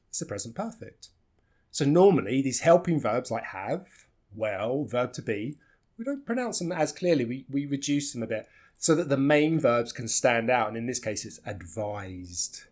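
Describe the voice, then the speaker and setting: A man with a husky, slightly breathy voice teaches pronunciation. His pitch moves a lot as he models sounds, and he repeats short phrases slowly so they can be copied. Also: very animated. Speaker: English teacher. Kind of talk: pronunciation lesson.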